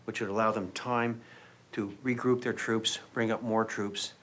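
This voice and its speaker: A man reading scripted documentary narration with a measured, steady delivery. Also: fairly low pitch.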